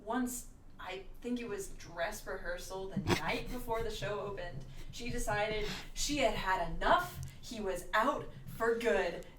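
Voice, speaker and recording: A woman's voice: mid-range voice, unhurried, heavy background noise. A young woman co-hosting a casual talk show, telling her stories in a wry, dry way. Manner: wry, dry descriptive storyteller. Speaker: podcast co-host. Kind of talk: casual storytelling.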